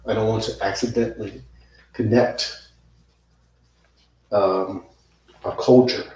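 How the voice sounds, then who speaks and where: Slow-talking man in an echoey room. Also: mid-range voice, darkish tone, distant mic. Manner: rambling, self-correcting, casual slang. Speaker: yoga teacher. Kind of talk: unscripted talk to camera before yoga.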